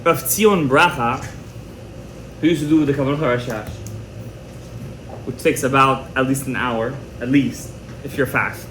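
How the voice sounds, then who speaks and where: A man teaching a Torah class to a live audience in an animated, emphatic way, mixing in many Hebrew terms. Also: medium pitch, measured pace, long pauses, slight background noise. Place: indoor room with a live audience. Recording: echoey room with faint ambience.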